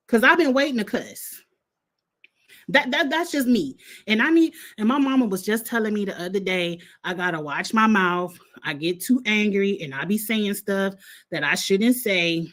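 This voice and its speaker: A woman, hosting a casual reaction vlog in a blunt, heated, profane and animated way. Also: on the high side, moderate pace. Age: adult with a son in college. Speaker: vlog host reacting to a reality show.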